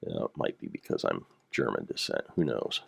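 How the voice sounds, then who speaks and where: An older man with a gravelly voice, rambling through casual gameplay commentary with dry dad jokes. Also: rumbling low, expressive, normal speed, a bit bright. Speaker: Minecraft let's player.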